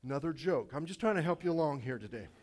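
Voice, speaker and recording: A man preaching a sermon to his congregation, animated and repetitive, dropping light self-aware jokes along the way. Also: a little high, quick pace. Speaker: pastor.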